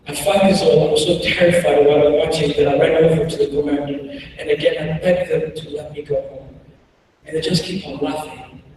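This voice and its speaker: A man tells a personal story as a keynote speaker, in a voice somewhat high for a man. He speaks in slow, measured phrases with weighty pauses. The sound carries a long echo through a large hall and is picked up from a distance. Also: steady tone, background noise. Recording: echoey hall recorded from far off.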